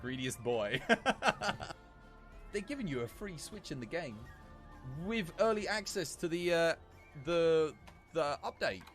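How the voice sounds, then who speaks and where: A man's voice: a little high, expressive, a little slow, pauses often, faint music behind. A man giving jokey live commentary while streaming a game, laughing often.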